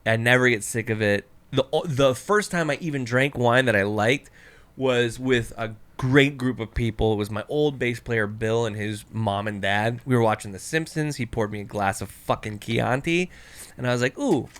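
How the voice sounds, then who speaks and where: A man's voice: medium pitch, normal speed, fairly bright tone. A man co-hosting a podcast, teasing and joking in casual chat. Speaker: podcast co-host.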